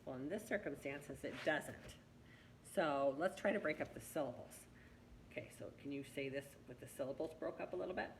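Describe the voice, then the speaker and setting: A woman with a deep, gravelly voice walks a student through sounding out words. Her tone is patient and encouraging. A faint hiss sits behind her. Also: brisk, poor audio. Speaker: reading teacher. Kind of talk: one-on-one reading lesson.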